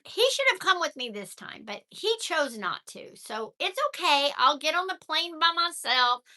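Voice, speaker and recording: An older woman talks casually to her viewers, chatty and animated. Her voice sits high and swoops in a lively way, with a very bright tone. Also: moderate pace. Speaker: vlogger reading live chat.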